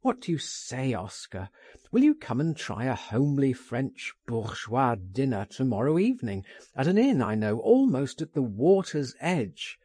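A man narrates a story in the first person with a persuasive, lively manner. His voice is husky and mellow, with a wide, animated pitch. The recording is dry and close. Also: unhurried, dry recording. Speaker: audiobook narrator.

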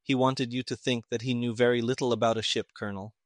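A quiet, measured detective lays out his reasoning in precise, even words, as a male reader voices him. The sound is dry and close, with no room around it. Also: medium pitch, dry recording, lightly acted. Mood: calm. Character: calm, shrewd male detective.

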